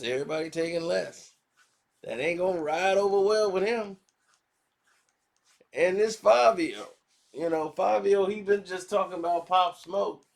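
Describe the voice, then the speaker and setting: Gravelly-voiced man riffing casually. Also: fairly high pitch. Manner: animated, slangy, acts out quotes in other voices. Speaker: commentary channel host. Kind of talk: casual commentary vlog.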